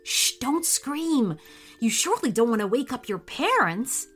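A woman voicing a friendly, reassuring male superhero speaking calmly to a young boy in a children's audio story. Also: fairly high pitch, a little fast, husky, soft background music, full character voice.

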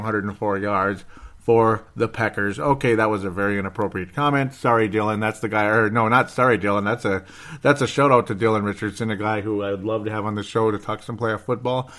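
A man's voice: lowish voice, a bit bright. A man hosting a sports show alone, talking casually, sarcastic and rambling, with mock outbursts. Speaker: sports podcast host. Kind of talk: casual solo sports commentary.

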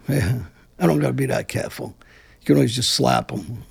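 A man's voice: medium pitch, normal speed, vocal fry, breathy edge. A middle-aged man from Brooklyn, giving a blunt, combative interview and rambling with restarts. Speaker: interview guest. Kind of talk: heated conversational interview.

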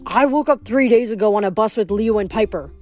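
A woman's voice: mid-range voice, fairly quick, faint music behind, natural voice. A woman reading aloud, voicing an earnest teenage boy who speaks hesitantly and anxiously.

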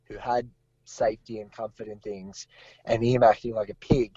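A man with a sore, hoarse throat, co-hosting a podcast and ranting with exasperated swearing. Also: on the low side, flat delivery, normal speed, mellow, dry recording, highs cut off. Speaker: podcast co-host. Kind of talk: casual podcast rant.

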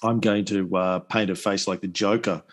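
A man co-hosting a history podcast, reading passages aloud and joking in a dry, deadpan way. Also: low voice, moderate pace. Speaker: podcast co-host and narrator.

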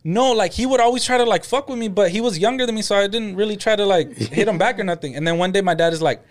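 A man's voice: sits high, fast talker. A man co-hosting a podcast, telling laid-back stories in casual chat. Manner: laid-back storytelling with laughs and agreeing interjections. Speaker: podcast co-host.

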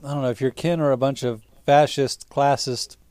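A man's voice: mid-range voice, steady tone, moderate pace, darkish tone, no room sound. Opinionated man on a dry podcast mic. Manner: opinionated, exasperated asides. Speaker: podcast co-host. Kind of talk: casual chat about a video game story.

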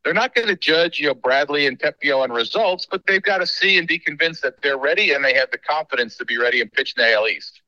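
Baseball writer guy, super bright tense voice, dry and kinda muffled line. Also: fairly high pitch, fast, no room sound. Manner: knowledgeable, rambling with fillers. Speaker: baseball reporter guest. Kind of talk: casual interview talk.

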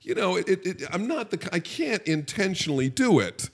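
A man's voice: sits high, very animated, normal speed, vocal fry. A middle-aged man co-hosting a podcast in casual chat, rambling and wry, often stopping and restarting mid-thought. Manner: rambling, self-interrupting, wry. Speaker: podcast co-host.

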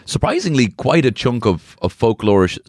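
A man's voice: medium pitch, sing-song, moderate pace, darkish tone, dry recording, studio quality. A young man co-hosting a podcast, with crude, teasing banter in casual chat. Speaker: podcast co-host.

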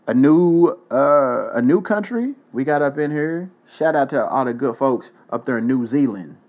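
A young man hosting a casual solo podcast, joking loosely and swearing freely as he gives shout-outs to listeners. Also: mid-range voice, expressive, normal speed, narrow, tinny audio. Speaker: podcast host.

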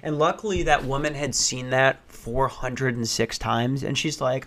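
A man telling a funny personal story in casual, profane, animated style. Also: medium pitch. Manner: profane, animated, acts out voices, rushes when excited.

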